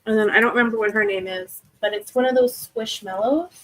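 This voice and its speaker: Fairly high-pitched, a bit bright and fairly quick, this young woman's voice is heard through a rough recording. As a livestream host at her home desk, she chats casually with the live chat, rambling with frequent fillers and restarts.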